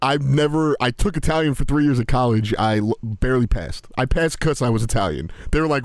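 A male radio co-host talks fast and laughs at himself a little sheepishly. His pitch moves a lot as he goes. The sound is dry and close. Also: expressive, no room sound. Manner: quick, self-deprecating and sheepish. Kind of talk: casual on-air banter.

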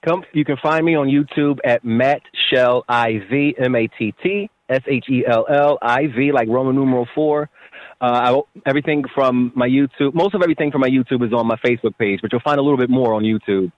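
An easygoing man talks as a guest on a radio show. His voice sits at a middle pitch. The sound is dry and close. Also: dry recording, dull audio. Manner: easygoing, spells things out slowly. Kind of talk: casual radio chat.

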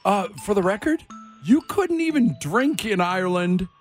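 A man's voice: high-pitched, normal speed, faint music behind. A man hosting a morning radio show, running a jokey quiz with his co-hosts. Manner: jokey, animated quiz-style delivery.

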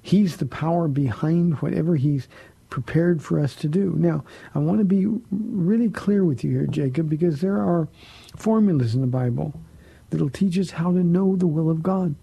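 A man's voice: on the high side, moderate pace, creaky, dark tone, husky, no room sound, low-quality recording. A man pastor on a call-in radio show, answering listeners' Bible questions in an earnest, explaining way with many fillers.

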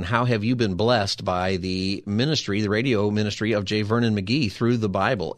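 A man's voice: fairly low pitch, steady tone, normal speed, few pauses, no room sound. A man hosting a call-in radio show as a pastor, talking in an earnest, conversational way. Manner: earnest, conversational, repeats phone number.

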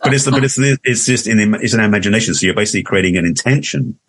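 A man's voice: fairly low pitch, very fast, noisy background. An Englishman in his sixties, a guest telling his story in a rambling, casual way with frequent restarts. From England. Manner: rambling, restarts often, laughs easily. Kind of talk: casual interview conversation.

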